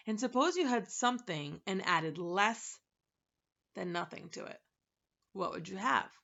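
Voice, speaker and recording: Storybook dodecahedron, male, smug and precise, gravelly edge, read by a woman; lo-fi. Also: medium pitch, expressive, unhurried, sharp tone, full character voice. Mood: lecturing. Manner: precise, lecturing, self-satisfied. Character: fussy many-faced male dodecahedron.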